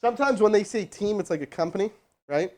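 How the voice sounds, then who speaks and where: Guy with a higher voice doing cold calls in an office, hyped up, lots of ums and restarts. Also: fast talker. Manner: energetic, rambling, full of fillers. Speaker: host making live sales cold calls. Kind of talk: casual phone sales talk and coaching.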